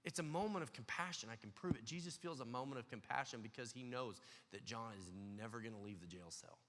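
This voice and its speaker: A male pastor delivers a sermon in a bright, forceful voice. He is earnest, drops to near-hushed tones, then climbs to loud excitement. His words ring through a church hall with a long reverb. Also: mid-range voice, a little fast, slight background noise. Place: church sanctuary.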